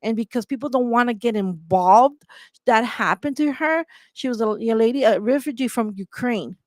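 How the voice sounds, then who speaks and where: A woman host speaks in an impassioned monologue, circling back to the same points and firing off rhetorical questions. Her voice sits fairly high, and the sound is dry and close with no room around it. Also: normal speed, darkish tone, no echo. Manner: emphatic, repetitive, rhetorical questions, heated.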